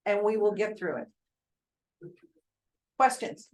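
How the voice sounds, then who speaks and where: Older woman, seasoned realtor, informal talk to a room of colleagues; chatty storyteller who tosses questions to the crowd, mid-pitched voice. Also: measured pace, low-quality recording. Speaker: real estate agent addressing colleagues.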